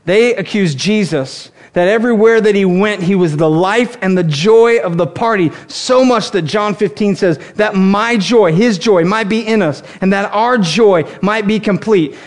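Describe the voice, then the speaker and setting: A married man delivers a sermon in a strikingly high voice for a man. He is humorous and animated, slipping into quick acted-out quotes as he teaches. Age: adult, married. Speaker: pastor.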